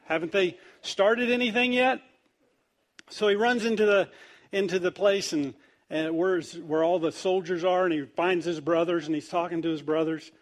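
A preacher man with a high, light voice delivers a lively sermon. He tells the story with jokes and quick asides, slipping into the voices of the people in it. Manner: animated storytelling, acting out characters, jokey asides.

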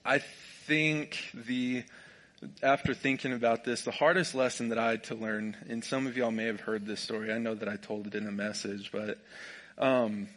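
A young man with a drawl, telling a personal story in a relaxed, jokey way and laughing often. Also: mid-range voice, moderate pace. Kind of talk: casual storytelling.

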